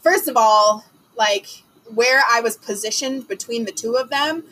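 A woman from Detroit telling a story in casual chat, animated and full of fillers, acting out the lines she quotes. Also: a little high, a little slow, background noise.

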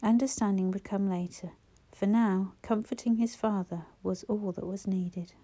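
A woman reading a novel aloud as an audiobook narrator, in a measured, gentle storytelling manner. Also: medium pitch, steady tone. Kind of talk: scripted narration.

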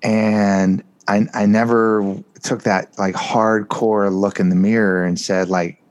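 Earnest low-voiced male storyteller. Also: flat delivery, slow. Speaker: guest. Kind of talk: candid personal storytelling.

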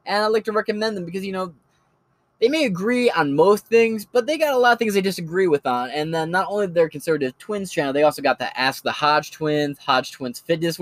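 A man's voice: high voice, animated, fairly quick, fairly bright tone, dry recording. A man talking casually and profanely as he rambles through recommendations of online creators. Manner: rambling, profane, laid-back. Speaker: channel host recommending creators. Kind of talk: casual solo commentary.

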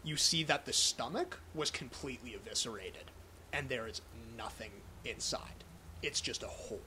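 A young man narrating a tabletop horror game as game master, describing scenes in a halting way. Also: medium pitch, lively intonation, background noise.

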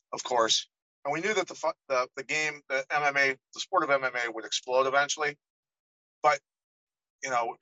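Mid-range in pitch, this man's voice comes through with no room sound and the highs clipped. A middle-aged ex-fighter guesting on a podcast, he animatedly recounts stories during a casual interview, imitating the voices of those involved.

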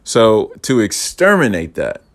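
A man's voice: on the low side, wildly swooping pitch, measured pace. A man giving a casual, enthusiastic Torah teaching, rambling with playful asides and restarts.

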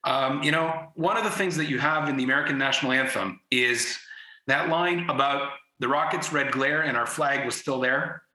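A man's voice: medium pitch, normal speed, sharp tone. A man from Ukraine speaking live on a video call in an emotional interview, fighting back tears as his voice rises with feeling. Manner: impassioned, voice rising with emotion. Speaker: guest speaking live from a war zone. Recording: echoey room on a remote call.

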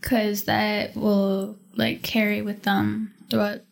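Flat, gravelly teen girl. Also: mid-range voice, takes it slowly. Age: teens. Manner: hesitant, many fillers like "like". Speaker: teen guest. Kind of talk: casual podcast chat.

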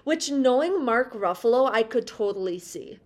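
A woman's voice: fairly high pitch, expressive, normal speed. A young woman co-hosting a chatty podcast, gushing and laughing often as she talks. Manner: bubbly, gushing, laughs often, many "like" fillers. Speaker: podcast co-host. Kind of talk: casual chat.

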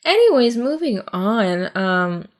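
A woman's voice: fairly high pitch, sing-song, takes it slowly. A young adult woman co-hosting a podcast, chatting casually and animatedly, laughing often. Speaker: podcast co-host. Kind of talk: casual chat.

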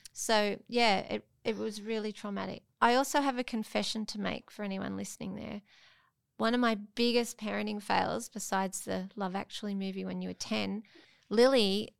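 Animated storytelling mum, gravelly edge. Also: female voice, medium pitch. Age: middle-aged. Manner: animated storytelling, acting out her daughter's voice. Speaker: guest mum. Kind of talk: casual family chat.

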